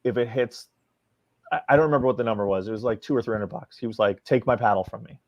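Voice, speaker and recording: A man's voice: medium pitch, quick pace, no room sound. A man, a comic book writer guest in a podcast interview, telling a casual anecdote and acting out the quoted dialogue. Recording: dry, dull lo-fi sound.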